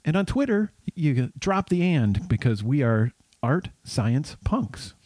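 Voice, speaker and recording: A man's voice: mid-range voice, big pitch swings, a little slow, darkish tone, dry recording. A man co-hosting a casual podcast, talking with lots of fillers and restarts. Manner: hesitant, many fillers and restarts. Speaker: podcast co-host.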